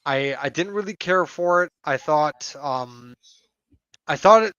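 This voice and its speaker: A man's voice: on the high side, animated, a little slow, fairly bright tone, smooth, dry recording. A man on a podcast steering the talk, hesitant and full of ums and restarts. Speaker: podcast co-host steering the discussion. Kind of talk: casual chat. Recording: dull, dry lo-fi mic.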